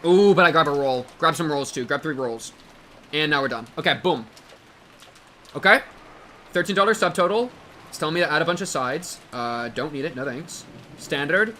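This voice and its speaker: Excitable twenty-something male streamer, bright voice. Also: a little high, normal speed, long pauses, slight background noise. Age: 20s. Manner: excitable, bursts into loud yelps and shouts; talks to his chat, jokey and animated. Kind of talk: casual live-stream chat.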